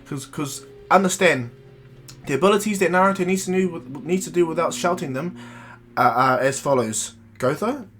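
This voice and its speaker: A man's voice: on the high side, moderate pace, a bit bright, soft background music. A man casually telling an improvised fan story, rambling, restarting often and adding asides.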